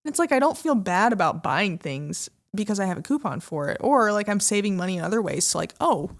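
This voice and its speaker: Woman, from the Midwest, podcast co-host, chatty, animated, casual. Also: medium pitch, fast talker. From American Midwest. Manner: chatty, animated, lots of fillers. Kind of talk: casual chat.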